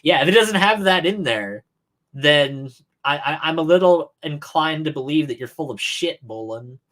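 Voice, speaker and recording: A man's voice: on the high side, expressive, moderate pace, fairly bright tone. A man co-hosting a casual reaction chat, sarcastic and argumentative, often laughing. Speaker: co-host reacting to a documentary.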